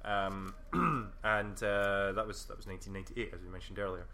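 A man's voice: fairly low pitch, normal speed, vocal fry, over a noisy crowd. A man with a cold co-hosting a podcast, telling rambling stories full of ums. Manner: rambling storyteller with many ums. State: has a cold. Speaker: podcast co-host. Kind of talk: casual chat.

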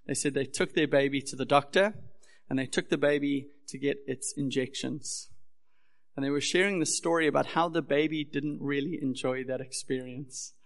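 Young man, pastor, sermon, gravelly edge, flat steady delivery. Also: mid-range voice, normal speed. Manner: earnest, building in intensity.

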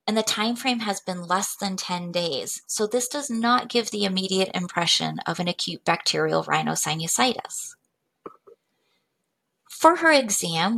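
A woman presenting a medical case study in a measured, clinical way. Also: medium pitch, creaky, a bit bright. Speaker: medical educator.

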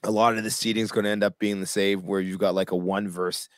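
A man with a Canadian accent co-hosting a podcast, talking sports through in a measured, thoughtful way. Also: on the low side, flat delivery, no room sound, studio quality. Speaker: podcast co-host. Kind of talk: casual sports chat.

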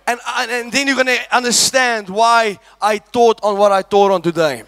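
A man preaching a sermon, shouting and calling out to the congregation. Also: high-pitched, normal speed, clean tone, no echo. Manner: shouting, call-and-response preaching.

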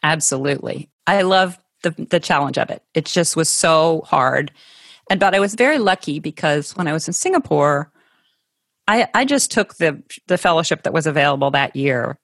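A woman's voice: low-pitched, lively intonation, normal speed, a bit bright, no echo. Reflective woman from Ohio, dry sound. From Ohio, USA. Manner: thoughtful, with frequent restarts and laughs. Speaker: interview guest. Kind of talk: conversational interview.

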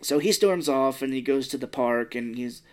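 Male podcast co-host, mid-pitched, chatty recapper who acts out lines. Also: moderate pace. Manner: animated retelling, acts out quotes in raised voice. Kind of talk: casual movie recap chat.

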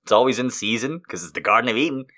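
Animated, profane male comedy podcaster. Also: mid-range voice, quick pace. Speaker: podcast host. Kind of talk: comedic monologue.

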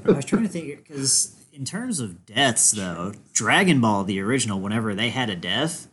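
A man's voice: mid-range voice, sing-song, moderate pace, a bit bright, slightly rough. A man co-hosting a casual podcast chat, easygoing and jokey. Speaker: podcast co-host.

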